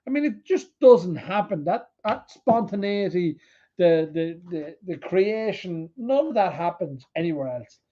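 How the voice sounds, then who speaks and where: Rambling high-voiced Irish man. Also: expressive, measured pace, lo-fi sound. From Irish border region. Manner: rambling, restarting, swearing freely. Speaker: co-host. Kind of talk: late-night casual chat.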